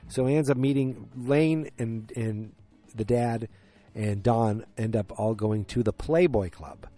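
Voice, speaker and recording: A man's voice: medium pitch, unhurried, dark tone, soft background music. A man hosting a solo podcast, recapping a TV series in a casual, rambling way with frank, loose swearing.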